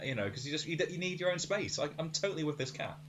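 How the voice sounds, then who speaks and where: A man's voice: fairly high pitch, expressive, quick pace, dull audio, noisy background. A man co-hosting a comedy podcast, rambling through jokey banter and flirty asides. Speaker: co-host. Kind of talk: casual comedy podcast chat.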